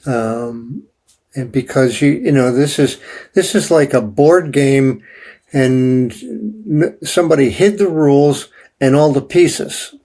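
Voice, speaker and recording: An older man tells his story as an interview guest, circling back and restarting his sentences. His voice is dark and mellow with a husky, gravelly texture. He speaks at a slow, deliberate pace. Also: mid-range voice, lively intonation. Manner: halting, many restarts and fillers. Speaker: guest telling his near-death story.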